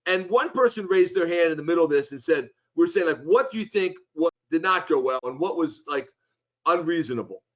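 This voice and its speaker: Man, high voice, chatty guest recounting an anecdote with quoted voices. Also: brisk, muffled recording. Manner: animated, acts out quoted voices. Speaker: interview guest. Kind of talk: casual storytelling.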